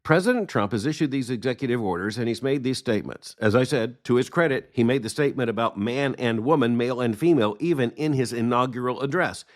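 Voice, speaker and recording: A middle-aged man hosting a daily news commentary show, reading out news quotes and responding in a measured, emphatic way. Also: mid-range voice. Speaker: podcast host.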